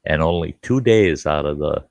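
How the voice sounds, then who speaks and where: A man's voice: a bass voice, lively intonation, normal speed, gravelly, dry recording. A middle-aged man, a campground host, telling rambling, profane stories in casual chat and laughing at his own jokes. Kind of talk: casual live chat storytelling.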